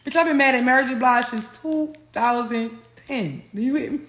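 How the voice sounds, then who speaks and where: A woman, telling stories on a phone livestream in a profane, animated way. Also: a little high, normal speed. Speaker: livestream host. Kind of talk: casual livestream rant. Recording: roomy echo.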